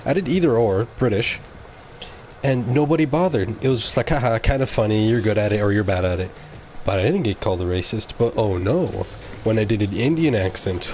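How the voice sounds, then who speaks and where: A man's voice: medium pitch, a little mellow, a little hiss or hum. A man streaming live, rambling bluntly and talking straight to his chat. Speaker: game streamer.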